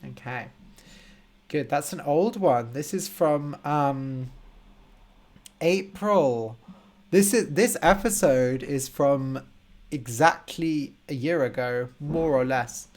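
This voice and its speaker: Hosting a live-stream English class, a male teacher chats casually with his audience, saying hello to viewers by name. His fairly high voice delivers slow, clear, simplified speech meant for learners, and he stops to explain vocabulary.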